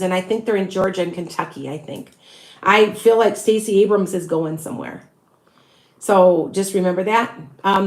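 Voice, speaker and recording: A Midwestern psychic medium with a Chicago accent and a medium-pitched voice chats on a livestream. Self-assured, she meanders from one thought to another while speaking into a phone on a stand. Her room gives roomy echo.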